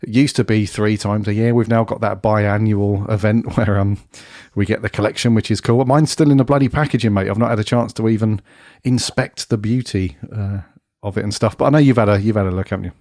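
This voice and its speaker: Croaky man with a head cold. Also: fairly low pitch, steady tone, fairly quick, a little mellow, no room sound, studio quality. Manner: chatty, says "mate" a lot. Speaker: podcast co-host. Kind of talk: casual chat.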